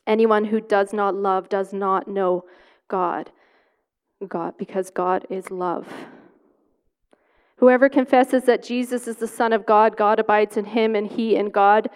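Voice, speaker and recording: A woman's voice: medium pitch, fairly even intonation, a little slow, clear, resonant tone. A woman preaching a sermon, reading scripture and telling a personal story, stressing words by repeating them. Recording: long hall reverb.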